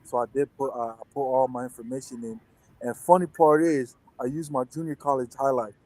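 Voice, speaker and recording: A man's voice: mid-range voice, steady tone, fairly quick, dark tone, rough recording. A young man, a football player and interview guest, telling a story in casual chat, rambling with many restarts and fillers.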